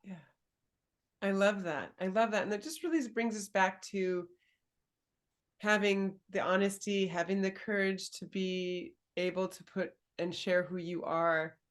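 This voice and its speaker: A woman coach in an easygoing conversation, her voice sitting at an ordinary middle pitch. She talks reflectively, pausing to find the right words and laughing lightly along the way. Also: fairly even intonation. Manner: thoughtful, searching for words, gently laughing. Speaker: dating and embodiment coach, host. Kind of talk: casual conversational interview.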